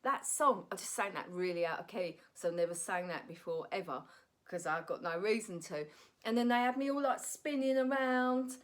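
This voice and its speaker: With a voice a little on the high side, a stand-up comic and actress speaks bluntly and animatedly to her phone camera about her own life. "Right?" pops up at the end of many of her lines.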